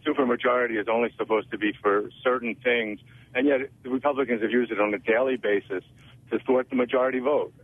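A man calling in to a radio show over the phone, making an earnest, somewhat halting point. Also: mid-range voice, fairly even intonation, slight background noise. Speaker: caller. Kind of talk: phone-in caller. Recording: tinny phone line.

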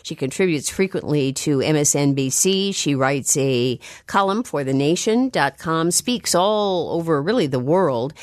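A woman hosting a public radio call-in interview, measured and clear, reading out details slowly. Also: low voice, lively intonation, no room sound, studio quality. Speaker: radio talk show host. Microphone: studio microphone.

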